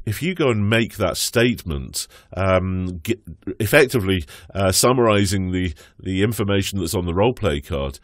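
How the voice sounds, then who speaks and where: A man tutoring for a medical English speaking exam, explaining in a measured, instructive way with some fillers. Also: fairly low pitch, no room sound, studio quality. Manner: acts out doctor and patient lines in his own voice. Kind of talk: exam prep lesson.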